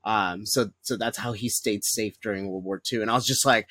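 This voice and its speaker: Male host, excitable, slangy, dry close sound. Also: fairly low pitch, brisk, no echo. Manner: enthusiastic, slangy. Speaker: podcast host. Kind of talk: casual interview chat.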